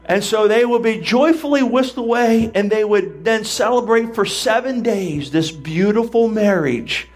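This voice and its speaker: An older man preaching a sermon, telling the story in an animated way and acting out the voices of the people in it. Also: high voice, measured pace, hardly any pauses. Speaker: pastor.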